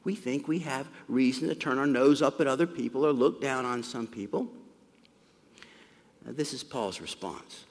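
A man preaching a sermon, emphatic and animated, with sudden rises and soft drops in his voice. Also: medium pitch, moderate pace. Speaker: pastor. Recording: long reverb of a large hall.

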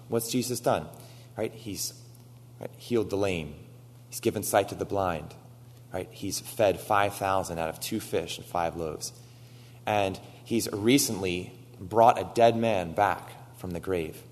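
A man preaching a sermon, retelling stories with animated quoted lines and frequent "right?" asides. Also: low-pitched, a little slow, in a large hall. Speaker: pastor.

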